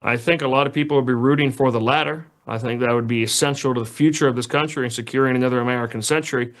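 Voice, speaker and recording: A man's voice: mid-range voice, steady tone, rapid-fire, fairly bright tone. A man speaking as a guest commentator, giving opinionated political analysis in a conversational way with frequent restarts. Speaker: news editor guest.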